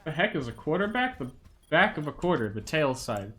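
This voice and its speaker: A young man chatting casually while streaming a game, excitable and quick to laugh. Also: on the high side. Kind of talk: casual gameplay commentary.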